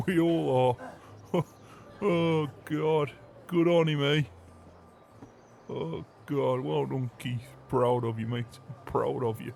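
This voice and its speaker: Gravelly man, hearty. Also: mid-range voice, fairly even intonation, slow, pauses often, darkish tone, a little hiss or hum. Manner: hearty, emphatic, swears often. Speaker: roleplay player. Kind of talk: casual in-character roleplay chat.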